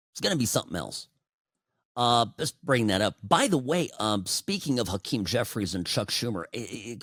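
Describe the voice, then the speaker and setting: A man in his forties delivers opinionated political commentary with a lively pitch that swings up and down. His tone is sarcastic and conversational, and he often breaks off into asides. The sound is dry and close. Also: no echo. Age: 40s. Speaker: political talk show host.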